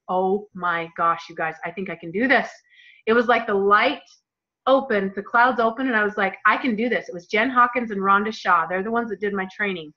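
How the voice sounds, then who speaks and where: A woman leading a motivational team call, telling her story in a gushing, excited way and talking straight to her listeners as "you guys.". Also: mid-range voice. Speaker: team leader. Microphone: phone or computer call. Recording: muffled lo-fi call audio.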